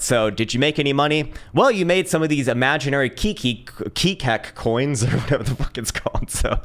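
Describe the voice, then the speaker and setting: A man hosting a casual crypto live stream, swearing and laughing as he banters and reads viewer comments aloud. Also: mid-range voice. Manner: profane, laughing, excitable banter.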